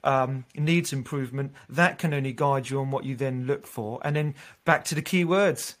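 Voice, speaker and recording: A man working as a recruiter, casually telling funny stories in an interview, animated and laughing, with frequent restarts. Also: mid-range voice, moderate pace.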